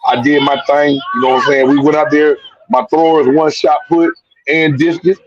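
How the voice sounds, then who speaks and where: A man's voice: on the high side, level tone, moderate pace, muffled recording, slight background noise. A man who coaches track, calling in from a meet and chatting loosely and jokingly. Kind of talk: casual chat.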